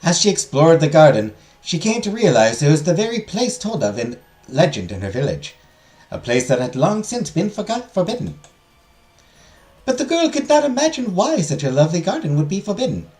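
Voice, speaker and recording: In this visual novel reading, a man plays a theatrical female teacher of magical history, recounting a legend with a swooping, dramatic lilt. His voice runs on the high side with big pitch swings, a brisk pace and a darkish tone, all in a storytelling mood.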